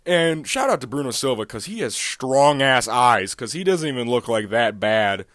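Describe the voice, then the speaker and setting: A man's voice: mid-range voice, animated, moderate pace, a bit bright, no room sound, clean studio sound. A man hosting a casual fight recap monologue, talking in a heated, profane, ranting way. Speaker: MMA recap channel host.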